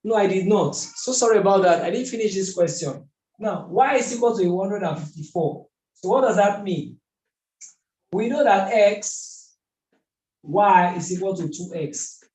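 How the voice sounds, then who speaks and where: Mellow man tutoring math. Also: high-pitched, expressive, moderate pace. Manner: methodical, asks rhetorical questions. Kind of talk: whiteboard lesson. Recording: echoey room.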